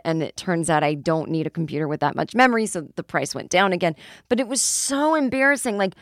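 A woman comedian with a lowish voice talks briskly while hosting her podcast, telling a rambling, self-deprecating story and swearing casually in a comic storytelling monologue. The sound is studio quality with no echo.

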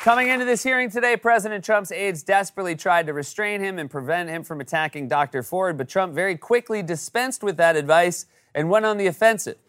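A man's voice: sits high, brisk, hardly any pauses, fairly bright tone. A man hosting a late-night comedy show, delivering a scripted monologue with wry, punchy timing.

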